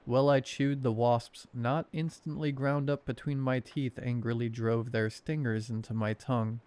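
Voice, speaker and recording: A man narrating a horror story in a wry, sardonic way, read as a calm bedtime scary story. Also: mid-range voice, normal speed, clean tone.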